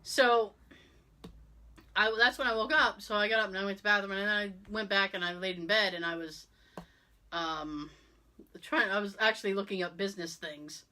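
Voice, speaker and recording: A woman co-hosting a casual podcast, telling stories in an animated way and acting out the people she quotes. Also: medium pitch, normal speed. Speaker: podcast co-host. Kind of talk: casual chat, storytelling.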